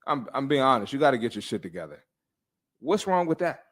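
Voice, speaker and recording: A young man in casual podcast banter, talking bluntly and with lots of slang. His pitch sits in the middle of the range, and he often breaks into laughter as he drives his points home. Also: very animated, brisk. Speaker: fitness podcast host.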